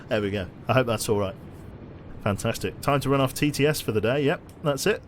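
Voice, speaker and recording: A man's voice: medium pitch, brisk, slight background noise. A man chatting casually while streaming a game, rambling with lots of fillers and restarts. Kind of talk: casual gaming livestream commentary.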